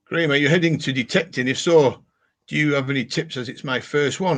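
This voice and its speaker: A man's voice: medium pitch, fairly even intonation, a little fast. Chatty British man hosting a live stream. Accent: British English. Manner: chatty, reads viewer comments aloud. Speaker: livestream host. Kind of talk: casual live-stream chat.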